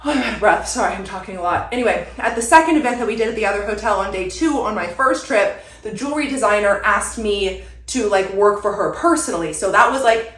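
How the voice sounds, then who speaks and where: A woman's voice: medium pitch, lively intonation, fairly quick, a bit bright. A young woman chatting casually to her viewers from a room at home, rambling and filling her talk with "like". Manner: chatty, rambling, lots of "like" fillers. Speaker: content creator. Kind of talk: casual vlog chat. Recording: roomy echo.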